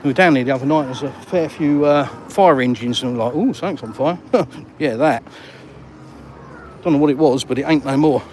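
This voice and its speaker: An older English man with an English accent talks casually to his viewers while walking outdoors by the water. He chats in a matey way and reads out comments as he goes. Street noise and passing vehicles are clearly heard behind him. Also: medium pitch, normal speed, darkish tone. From England. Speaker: vlogger. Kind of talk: live-streamed walk and talk.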